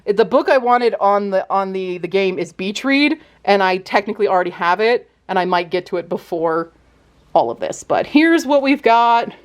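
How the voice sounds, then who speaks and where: A woman booktube vlogger chatting casually about her reading list, animated and excitable, sometimes squealing with surprise. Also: mid-range voice, moderate pace. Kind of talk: casual chat, reading book blurbs aloud.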